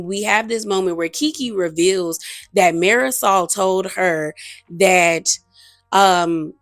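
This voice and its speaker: A woman's voice: lowish voice, dry recording. Chatty woman recapping reality TV gossip. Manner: chatty, gossipy, quotes cast members with opinionated asides. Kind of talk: casual recap commentary.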